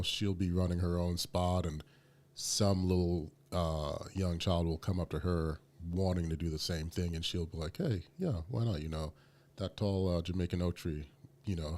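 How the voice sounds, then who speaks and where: Very deep-voiced man chatting casually. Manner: animated, emphatic storytelling with many fillers. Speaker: podcast co-host. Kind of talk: casual podcast chat.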